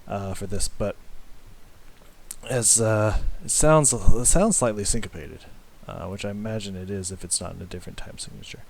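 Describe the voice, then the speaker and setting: A man giving casual music reaction commentary, rambling and halting with many fillers and restarts, swearing casually and humming along with the riffs. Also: fairly low pitch, creaky. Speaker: music reaction channel host.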